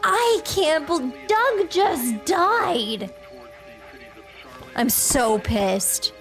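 A woman reacting out loud as she plays a game, exclaiming and making mock threats at the characters. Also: high-pitched, very animated, extremely slow, faint music behind. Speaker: let's play streamer. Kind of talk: reacting while playing a game.

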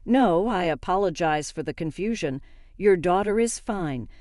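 A calm hospital doctor speaks gently and reassuringly , voiced by a woman narrator. The voice sits fairly low. The sound is dry and close. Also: normal speed, dry recording, natural voice.

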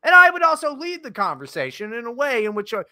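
This podcast co-host rambles through casual banter, swearing freely and laughing at his own jokes. His voice is very high-pitched, bright and forceful, extremely animated, with no echo.

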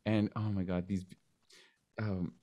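Animated storytelling man, lowish voice. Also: unhurried, highs cut off. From Canada. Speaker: podcast host. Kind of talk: casual interview conversation.

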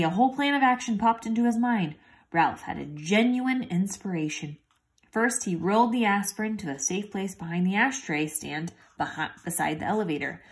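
A woman reading a children's chapter book aloud expressively, adding voiced sound effects. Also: medium pitch. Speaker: reader. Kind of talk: storybook read-aloud.

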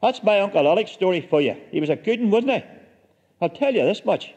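A man's voice: high-pitched, expressive, a little fast, darkish tone, breathy edge, big-room sound. A man telling a comic story with dry, wry humor.

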